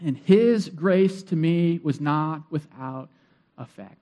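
Man, high voice, pastor, earnest sermon, emphatic repetition, quiet phrase endings. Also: slow. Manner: earnest and emphatic, repeats key words, drops to quiet endings.

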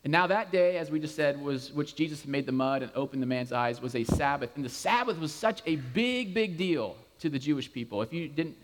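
A male pastor preaching in a chatty, animated way, dropping funny asides as he retells the story. His voice sits high for a man, and a large hall's long reverb follows each phrase. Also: a little fast, hardly any pauses. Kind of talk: conversational sermon.

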